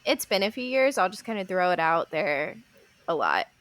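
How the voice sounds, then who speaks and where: A young woman co-hosts a podcast, her voice lowish and her pace moderate in a dry recording. In casual chat she tells stories animatedly, acting out quotes and laughing often.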